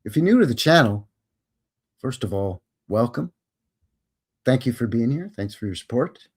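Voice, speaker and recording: Male live-stream host, chatty and jokey, with a voice that swings freely up and down at a mid pitch. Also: expressive, normal speed, a little mellow, husky. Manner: joking, rambling, slips into silly voices. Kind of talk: casual live-stream chat.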